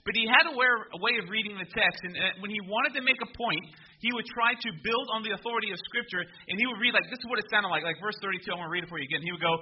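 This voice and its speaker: High-voiced pastor preaching a lively sermon. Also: male voice, rapid-fire, dull audio, slight background noise. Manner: conversational, builds to loud emphatic peaks.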